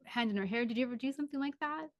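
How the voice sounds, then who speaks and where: A woman giving a live mediumship reading over a video call. She talks quickly and rambles, with lots of "like" and restarts. The sound is dry and close, with no room echo. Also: a little high. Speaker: spiritual medium.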